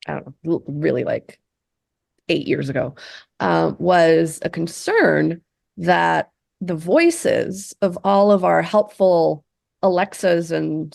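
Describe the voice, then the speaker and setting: Female session leader, low gravelly voice, relaxed chatty delivery, dry sound. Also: no room sound. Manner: conversational, many fillers and tag questions. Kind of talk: casual talk to a group.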